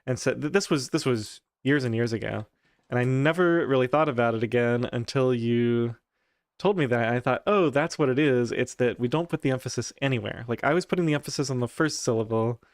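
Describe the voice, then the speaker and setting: A man's voice: mid-range voice, no echo, clean studio sound. A man streaming a game, chatting casually and thinking aloud with fillers. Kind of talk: casual chat while gaming.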